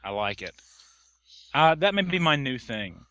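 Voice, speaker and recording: Chatty rambling man, bright voice. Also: medium pitch, very animated, dry recording. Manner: rambling, halting, lots of restarts. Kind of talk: casual chat.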